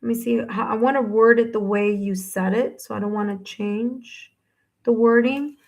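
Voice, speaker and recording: A woman's voice: fairly high pitch, steady tone, normal speed, lo-fi sound. A woman giving a paid tarot reading on a live stream, speaking to the viewer directly in a soothing, reassuring way while she has the hiccups. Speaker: tarot reader.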